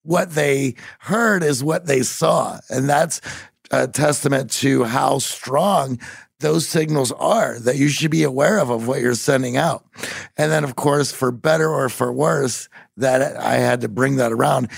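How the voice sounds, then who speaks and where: A man from Pittsburgh telling stories in a podcast conversation, animated and growing emphatic at times. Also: medium pitch, no room sound, clean studio sound. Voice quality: gravelly. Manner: animated storyteller, rising to emphatic bursts.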